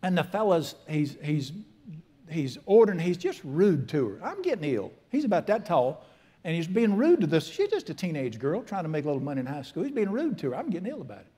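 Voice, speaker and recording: A man's voice: a little high, big pitch swings, fairly quick, warm tone, breathy edge. A man, preaching a sermon in an emphatic, folksy, storytelling way with humor. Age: 60s. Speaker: pastor.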